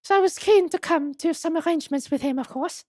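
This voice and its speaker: A woman's voice: extremely high pitch, brisk, warm tone, dry recording, voice pushed up. A woman voicing a genteel, formal woman museum curator who speaks politely and a little apologetically.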